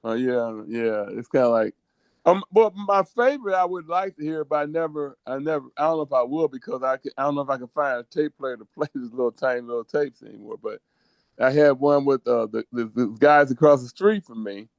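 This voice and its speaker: A man's voice: medium pitch, fairly quick, creaky, dry recording. A middle-aged man co-hosting a casual podcast over a video call, telling rambling, sentimental stories. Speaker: co-host.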